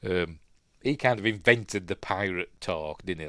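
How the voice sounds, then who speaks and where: A man's voice: low voice, unhurried, a bit bright, no echo, studio quality. A man with a Yorkshire accent giving casual, rambling commentary on a film as he watches, chatty and prone to tangents. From Yorkshire, England. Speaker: film reviewer, channel host.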